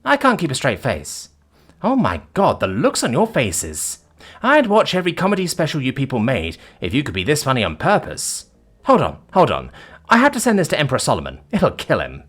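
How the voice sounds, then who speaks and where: A man's voice: medium pitch, huge pitch swings, fairly quick, fairly bright tone, breathy edge, voice pushed up, heavily acted. Valerie, a man voicing a brash mocking ex-CEO woman. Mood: laughing. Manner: sarcastic, theatrical, gleeful. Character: brash witty female ex-CEO, mocking captors. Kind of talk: audiobook character voice.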